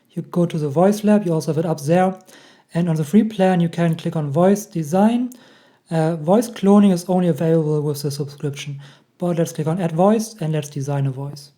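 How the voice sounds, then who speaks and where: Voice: mid-range voice, mellow. A tutorial host talking casually while walking through a program on screen, thinking aloud as they click through the menus.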